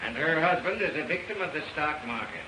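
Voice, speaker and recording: A man's voice: fairly high pitch, lively intonation, fairly quick, natural voice. An actor playing a dry, sarcastic wealthy industrialist father in a 1930s film. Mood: wry. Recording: noisy old film soundtrack.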